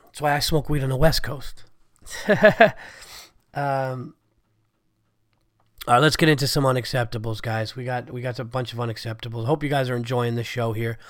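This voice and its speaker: Profane rambling host with a cold. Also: male voice, mid-range voice, steady tone, moderate pace, long pauses, dry recording, clean studio sound. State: has a cold, congested voice. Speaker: podcast host. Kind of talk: casual monologue.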